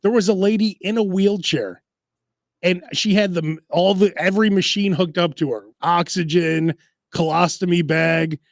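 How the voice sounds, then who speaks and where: High-voiced man rambling through a story. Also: moderate pace, vocal fry, no echo, studio quality. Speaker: podcast host. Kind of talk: casual chat.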